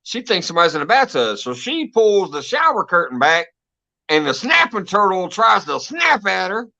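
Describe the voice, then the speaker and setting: A man's voice: sits high, big pitch swings, normal speed, gravelly, bright, forceful tone. A man hosting a casual live stream, telling stories with lots of laughter and swearing. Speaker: host. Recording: dull lo-fi stream audio.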